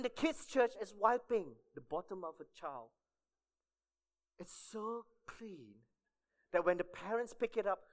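A man preaching to his congregation in a storytelling sermon, often pausing to ask "okay?". His voice sits fairly high for a man and rises and falls with lively energy. He sounds personable and animated. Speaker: church staff member preaching.

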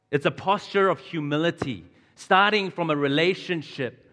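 A man's voice: a little high, a bit bright. A man, preaching a chatty sermon, asking his audience questions and chuckling often. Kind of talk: conversational sermon. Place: large church hall. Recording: long hall reverb.

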